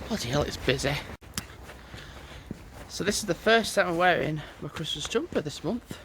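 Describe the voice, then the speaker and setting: Holding his phone while walking outside, a man rambles casually for his vlog, short of breath and sighing frequently. His fairly high voice is expressive and at normal speed, with background noise audible.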